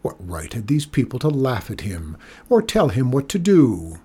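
Husky man reading a storybook. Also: medium pitch, wildly swooping pitch, normal speed, mellow. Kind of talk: storybook read-aloud narration.

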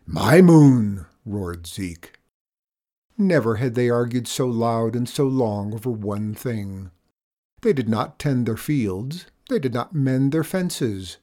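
A man narrating a children's storybook in a measured, expressive reading. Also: medium pitch.

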